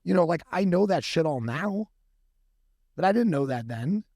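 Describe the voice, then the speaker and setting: Animated, swearing man in a dry studio. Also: fairly high pitch, normal speed, dry recording. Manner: animated, swears freely, acts out dialogue. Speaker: podcast guest, coffee company founder. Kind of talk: casual storytelling. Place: podcast studio room.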